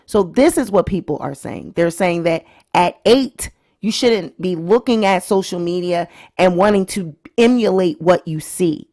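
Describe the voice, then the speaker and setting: A woman's voice: fairly low pitch, expressive, unhurried, mellow. A woman hosting her own vlog, giving chatty, opinionated commentary straight to her viewers. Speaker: vlog host. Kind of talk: casual celebrity-news commentary.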